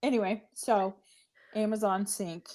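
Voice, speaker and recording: A woman in her thirties with a mid-range voice, chatting easily on a podcast. She talks in a relaxed, hesitant way and fills her pauses with quick little agreements. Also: medium pitch. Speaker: podcast co-host. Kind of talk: casual chat.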